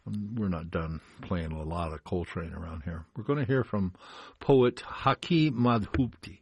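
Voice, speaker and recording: A man hosting a radio show, introducing the next pieces in relaxed, steady patter. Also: low-pitched, a little slow, slightly rough, no room sound. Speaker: radio host. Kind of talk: casual radio announcing.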